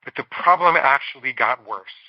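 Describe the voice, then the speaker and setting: A middle-aged man, a psychologist guest on a podcast, telling a candid personal story and slowing down on words he wants to stress. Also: mid-range voice, expressive, no room sound, highs cut off. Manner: candid, confessional storytelling with slow emphatic stretches.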